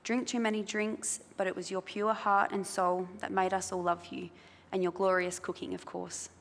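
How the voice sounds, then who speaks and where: An Australian woman leads a funeral service and reads a eulogy aloud, soft and measured. Her voice rings out in a chapel with a long reverb. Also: mid-range voice, flat delivery, creaky. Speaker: funeral celebrant. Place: crematorium chapel.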